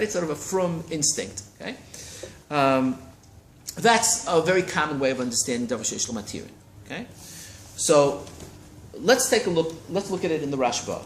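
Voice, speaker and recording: A man teaching a Talmud class in a study hall, lively and constantly checking in with his listeners. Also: high voice. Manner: animated, keeps checking in with listeners. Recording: roomy echo, faint hiss.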